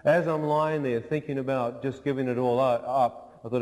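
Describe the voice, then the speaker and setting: Man, storytelling testimony, vivid, acts out the voices, mid-pitched, echoing church hall. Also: fairly even intonation, brisk, hardly any pauses, a little mellow. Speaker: speaker giving a testimony. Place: large church. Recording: long reverb in a large church.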